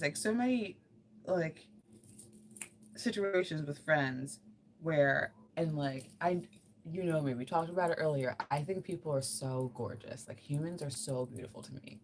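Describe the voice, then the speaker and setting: A woman's voice: deep voice, unhurried, slight background noise. A woman livestreaming while crafting, chatting casually in an earnest, rambling way with lots of fillers.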